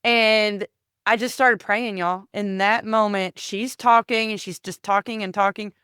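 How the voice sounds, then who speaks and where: A woman tells a personal story on her podcast. She talks earnestly, restarts her phrases and keeps calling listeners "y'all". Her voice is smooth and clear, recorded close and dry, with a middle pitch. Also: fairly even intonation, unhurried, a bit bright, no echo. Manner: earnest, repeats words, addresses listeners as y'all. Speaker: podcast host.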